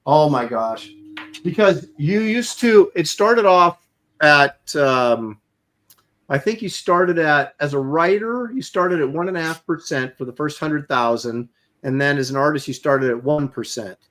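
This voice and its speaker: A man's voice: fairly high pitch, animated, unhurried, a bit bright. A middle-aged man, a comic artist co-hosting a podcast, telling stories in a rambling, casual way with many fillers and restarts. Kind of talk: casual storytelling chat.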